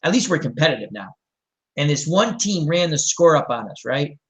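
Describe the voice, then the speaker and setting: Middle-aged male host, casual chat, rambling storyteller, slightly higher voice. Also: moderate pace, low-quality recording. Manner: rambling, animated storyteller acting out quotes. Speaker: show host.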